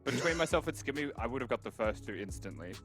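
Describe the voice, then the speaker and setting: Lively, teasing man on a panel. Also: medium pitch, fast, soft background music. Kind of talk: casual esports panel chat.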